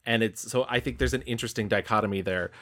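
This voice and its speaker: A man's voice: fairly low pitch, quick pace, fairly bright tone. A man co-hosting a film podcast, chatting casually, laughing often and swearing now and then. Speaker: podcast co-host.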